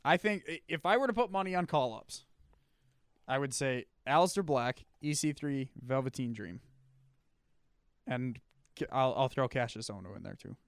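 A relaxed man talking casually, laughing often as he lists his picks. His voice sits at an ordinary middle pitch. The sound is close-miked and dry, with no room around it. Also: moderate pace, clear, resonant tone, no room sound. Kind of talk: casual chat.

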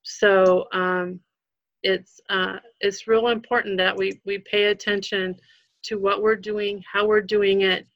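A woman's voice: mid-range voice, little pitch movement, slow, a bit bright, no echo. A woman, a guest educator, giving parenting advice in casual talk, earnest, with many fillers and restarts. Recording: dull lo-fi sound.

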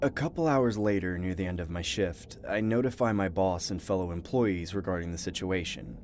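A man's voice: deep voice, a little fast, a little mellow, a little hiss or hum. Young man telling a horror story. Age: young adult. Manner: tense, dramatic storytelling. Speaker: narrator.

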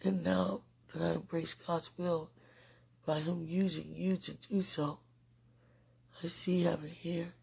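Slow, husky woman speaking devotionally. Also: fairly low pitch, flat delivery, a little mellow. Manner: slow, earnest, emotional. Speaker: podcaster. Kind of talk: heartfelt devotional monologue.

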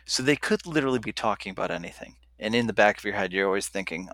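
A man with a fairly low voice talking in a loose, meandering way, pausing often on ums as he works through his thoughts. The recording is dry and close. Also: lively intonation, fairly bright tone, dry recording. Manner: rambling, hesitant with many ums. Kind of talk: casual conversation.

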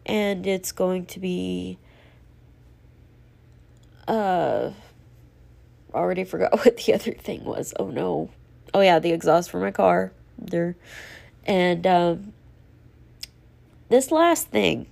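A woman's voice: fairly low pitch, expressive, slow pace, creaky, long pauses, darkish tone. A woman hosting a solo podcast, talking in a rambling, earnest, self-reflective way and running out of breath. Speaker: podcast host. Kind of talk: solo casual podcast monologue.

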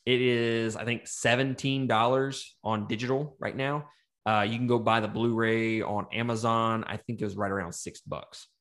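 A man in easy, casual conversation about a film, swearing freely and breaking into laughs. His voice sits at a middle pitch, and his energy rises and falls as he makes his points. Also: normal speed. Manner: animated, profane, laughs often. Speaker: podcast co-host. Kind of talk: casual movie review chat.

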